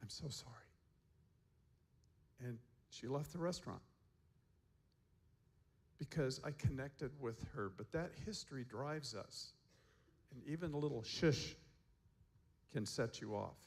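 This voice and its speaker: A man giving a seminar talk as a counselor, telling stories in a relaxed way and chuckling often. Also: mid-range voice, measured pace, creaky, long pauses. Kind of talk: storytelling talk to a seminar group.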